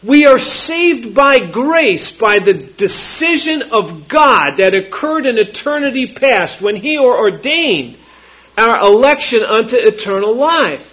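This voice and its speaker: A man preaching a sermon, slow and emphatic, repeating key phrases for weight. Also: very high-pitched, sing-song, breathy edge. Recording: dull lo-fi recording.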